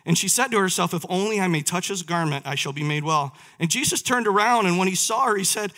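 A man's voice: high-pitched, expressive, brisk, few pauses, bright, forceful tone. A man preaching a sermon, reading scripture aloud and putting questions to his listeners. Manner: reads verses aloud, asks the listeners questions.

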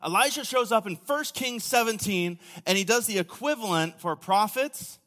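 A man preaching a sermon, telling the story casually with acted quotes, often dropping to a quiet, low voice. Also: animated, normal speed. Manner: casual storytelling with acted quotes and sudden drops to near-whisper. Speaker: pastor. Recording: long hall reverb.

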